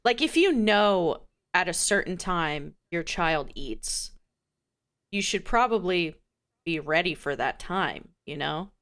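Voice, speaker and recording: A young woman co-hosts a casual podcast. Her pitch moves a lot as she talks, and she teases her co-host and acts out what people say. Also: slow. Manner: animated, teasing, acts out quotes. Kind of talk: casual chat.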